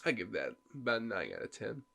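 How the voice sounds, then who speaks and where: A man's voice: fairly low pitch, quick pace, creaky. A man on a casual podcast, telling stories with lots of energy and acting out the characters' lines as he goes. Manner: animated storyteller, acting out game characters' lines. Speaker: podcast co-host. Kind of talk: casual chat about video games.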